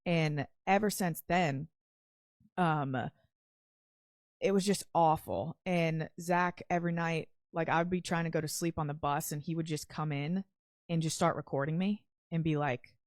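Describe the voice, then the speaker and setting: A young woman tells a story in a casual, rambling way, packing her sentences with "like" and frequent swearing. Her voice sits fairly low for a woman. The sound is dry and close, with no room around it. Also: steady tone, unhurried, no room sound. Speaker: podcast guest.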